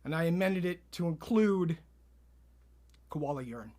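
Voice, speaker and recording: Deadpan male podcast co-host, fairly high voice, straight-faced storyteller. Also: unhurried. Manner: deadpan, spins absurd tall tales with a straight face.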